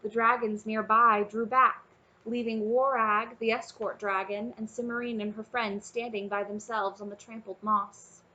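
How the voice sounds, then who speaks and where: Bright-voiced woman reading a storybook. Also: fairly high pitch, normal speed, lo-fi sound. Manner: warm, expressive storytelling, casually addressing listeners. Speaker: audiobook narrator. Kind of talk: reading a children's fantasy novel aloud.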